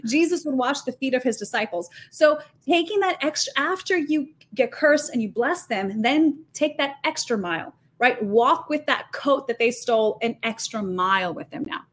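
A woman with a high voice speaks as a guest on a faith podcast. She talks in an animated, emphatic way that drifts into preaching. Her words tumble out fast, with many restarts and fillers. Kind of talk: faith-based podcast conversation.

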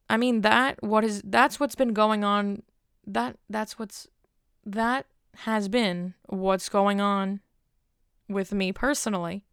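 Young woman solo podcast host, rambling and self-deprecating, gravelly but smooth voice, dry close sound. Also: mid-range voice, no echo. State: cold, stuttering a little. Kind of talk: casual solo podcast chat.

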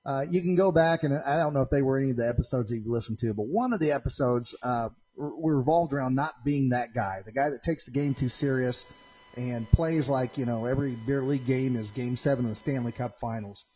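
A man hosting a casual podcast from his home shop, telling long rambling stories that get animated when he replays an argument. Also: mid-range voice, a little fast, husky, dull audio. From Central Indiana. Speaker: podcast host. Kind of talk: casual storytelling chat. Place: home shop with doors open.

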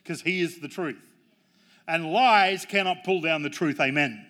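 A man's voice: fairly high pitch, moderate pace, fairly bright tone. A man preaching a sermon as pastor, mixing jokes and family stories with emphatic, rising points. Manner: jokey, storytelling preacher with emphatic rises.

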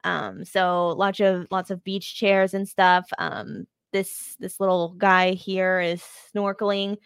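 A woman's voice: fairly low pitch, little pitch movement, slow, clear, resonant tone, no room sound. A woman co-hosting a podcast in easy, rambling chat. She fills her sentences with ums and likes and teases her partner now and then. Her voice sits close and dry on the mic. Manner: chatty, lots of ums and likes, teasing. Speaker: podcast co-host. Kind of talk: casual chat.

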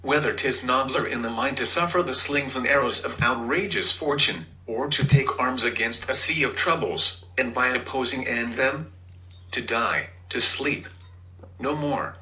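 A male computer speech voice, voiced by text-to-speech software with a flat, synthetic delivery. Its tone is very bright and sharp. It speaks with even, machine-made evenness. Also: medium pitch, a little slow, poor audio. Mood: reciting.

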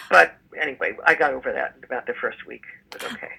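Chatty and rambling, an older stage actress guesting in a casual interview keeps using fillers and restarting sentences. She speaks quickly in a low, husky voice with a bright, forceful edge, on a rough recording.

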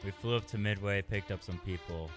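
A man chatting casually on a show, talking in a flat monotone with many pauses and fillers. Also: on the low side, faint music behind. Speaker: show regular. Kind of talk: casual chat.

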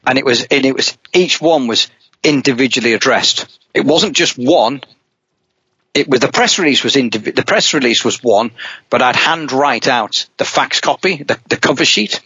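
A middle-aged man, a rally driver, telling a long anecdote in casual talk, lively and rambling, with many restarts. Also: medium pitch, moderate pace, slightly rough, no echo. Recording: dull, dry podcast audio.

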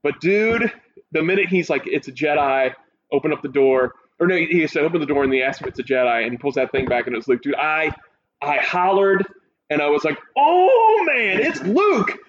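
In relaxed casual chat, a man with a fairly high voice speaks briskly, growing excited as he recounts the scenes he loved from a show. His voice rises sharply when he gets carried away, over a slightly dull recording with faint hiss.

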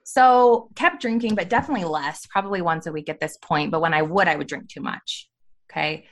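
A woman's voice: on the low side, fairly quick. A woman in her thirties, a podcast guest candidly telling her personal story with lots of "like" and "you know". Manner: candid, animated storytelling with frequent "like". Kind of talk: personal testimony in a faith podcast interview.

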